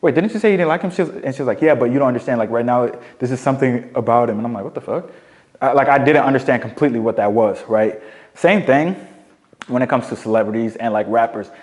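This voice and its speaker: A young man coaching on dating, telling casual stories in a slangy, profane, animated way. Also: mid-range voice. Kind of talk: casual storytelling monologue.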